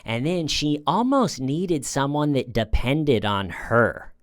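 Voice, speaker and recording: A man's voice: medium pitch, expressive, takes it slowly, dry recording, studio quality. A man hosting a casual commentary, talking in a sarcastic, mocking way. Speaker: commentary host.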